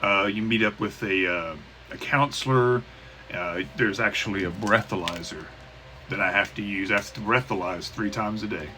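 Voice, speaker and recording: A man in his thirties talking haltingly in a personal recovery vlog, with many restarts and fillers. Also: on the low side, pushed and bright. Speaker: vlogger. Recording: poor cheap-mic sound with faint hiss.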